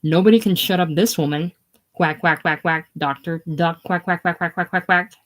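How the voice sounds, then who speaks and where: A reader voicing a brash, combative middle-aged woman who lives in a trailer, speaking in a loud, scornful, mocking way in a casual play reading. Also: mid-range voice, a little slow, lightly acted.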